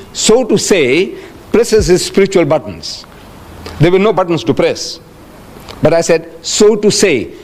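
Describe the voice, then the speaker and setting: An older man with a South African accent giving a public religious lecture, emphatic and repetitive, acting out quoted speech. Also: on the high side. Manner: emphatic, repeats phrases, acts out quoted speech. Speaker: Islamic lecturer.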